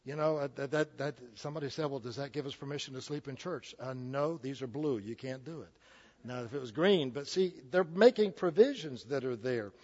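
A man's voice: a little high, darkish tone, highs cut off. A man in his sixties delivering a folksy, joking sermon, often restarting his sentences. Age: 60s. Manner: folksy, jokey, with frequent restarts. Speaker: preacher.

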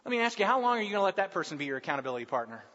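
Man, high voice, pastor, casual humorous sermon, dull lo-fi sound. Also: very fast. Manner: conversational, humorous preaching with lively mimicry. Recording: dull sound with long hall reverb.

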